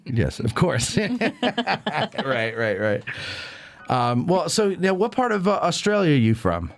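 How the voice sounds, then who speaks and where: A man's voice: on the high side, big pitch swings, slow, creaky, soft background music. Rambling man hosting a casual show. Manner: rambling, unsure, many fillers. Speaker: radio show host. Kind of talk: casual chat.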